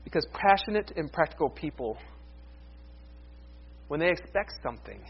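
A man preaching a conversational, animated sermon as pastor, with playful asides. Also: on the high side, moderate pace, creaky, husky, dull audio.

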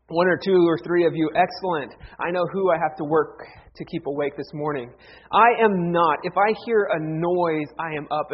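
A man's voice: fairly high pitch, slightly rough, lo-fi sound. A man preaching a sermon as pastor, telling jokes in a folksy, storytelling manner. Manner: folksy, joking storyteller with lively acted quotes.

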